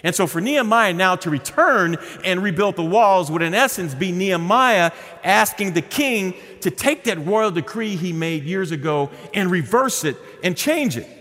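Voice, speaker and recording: A middle-aged male pastor preaching a sermon in a conversational, humorous way, often dropping to a quiet voice. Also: on the high side, big-room sound.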